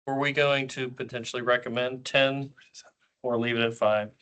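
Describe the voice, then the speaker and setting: A man chairing a public board meeting, calling on members one by one with quick self-deprecating asides. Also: medium pitch, little pitch movement, fairly bright tone, clear, resonant tone. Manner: runs the roll call briskly, self-deprecating asides. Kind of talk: meeting discussion.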